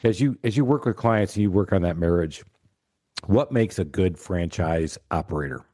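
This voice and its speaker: Low, mellow-voiced joking podcast host. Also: male voice, normal speed, no echo, clean studio sound. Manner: joking, playful. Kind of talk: podcast interview.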